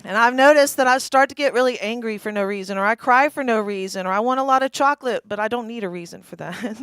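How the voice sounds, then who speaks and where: A woman's voice: on the high side, fast talker, fairly bright tone, smooth, dry recording. Wry mid-forties woman doing stand-up. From East Tennessee. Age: 40s. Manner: wry, self-deprecating, laughs at own jokes. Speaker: stand-up comedian. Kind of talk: stand-up comedy set. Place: small live comedy venue.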